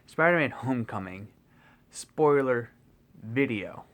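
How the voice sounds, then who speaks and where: A young man vlogging a casual spoiler review of a movie, rambling and excitable, full of fillers and restarts, swearing casually. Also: mid-range voice, takes it slowly.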